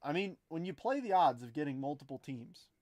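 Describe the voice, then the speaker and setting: A young man runs a live card break in a slightly high voice. He rattles off an easy stream of commentary and calls out to his viewers by name. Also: a little fast, dry recording. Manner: chatty, excitable, talks to chat viewers by name.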